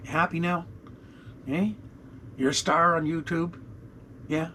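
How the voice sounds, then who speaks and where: Gravelly man in his sixties rambling. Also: on the high side, expressive, a little slow, long pauses, a bit bright, slight background noise. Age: 60s. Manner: rambling, blunt and profane, many fillers. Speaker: vlogger. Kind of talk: unscripted rambling vlog. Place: inside his RV. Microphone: action camera.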